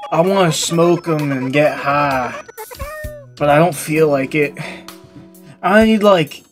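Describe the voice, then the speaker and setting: Woman doing a sleepy stoner guy in a game, draggy slow drawl, low voice. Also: faint music behind. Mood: drowsy.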